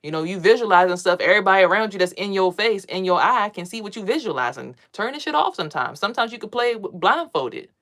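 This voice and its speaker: Speaking to camera, an adult mother who vlogs about spirituality rambles profanely and streetwise about meditation and energy in a casual monologue. She talks fast with few pauses, in a mid-range, slightly bright voice with lively intonation.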